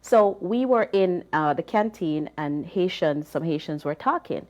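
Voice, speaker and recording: Jamaican lady telling stories on a panel, lowish voice, lots of ums. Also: unhurried. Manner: chatty, animated anecdotes with many fillers. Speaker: panel guest. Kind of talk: casual storytelling.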